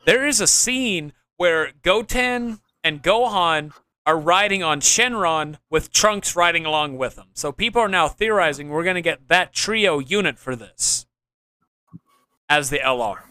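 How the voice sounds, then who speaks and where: Young male podcast host, bright crisp voice, dry close sound, rambling restarts, eager explainer. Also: fairly high pitch, lively intonation, unhurried, dry recording. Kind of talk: casual gaming podcast chat.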